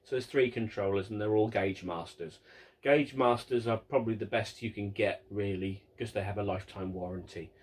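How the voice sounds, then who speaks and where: A man's voice: fairly low pitch, moderate pace, a little mellow, husky. A man hosting a casual question-and-answer vlog about his model railway, rambling and chatty, often repeating words and mocking himself. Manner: self-mocking and exasperated.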